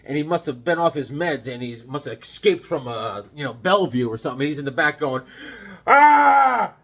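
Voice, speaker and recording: A man's voice: medium pitch, fast talker, fairly bright tone. A man hosting a casual comic-collecting vlog, rambling between a personal story and show-and-tell of old issues. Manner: rambling, chatty, jumps between stories and comics. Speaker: comic book vlogger.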